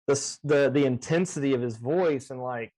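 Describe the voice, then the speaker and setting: A man in casual chat about running tabletop games, talking in an animated, rambling way with plenty of swearing, on a video call. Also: mid-range voice, moderate pace, rough recording. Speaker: game master. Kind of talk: casual chat between game masters.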